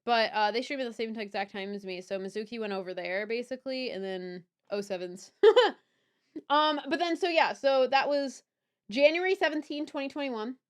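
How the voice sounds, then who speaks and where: A woman's voice: on the high side, moderate pace, clean tone. A young woman streaming live, chatting casually and rambling with chat, swearing and laughing easily.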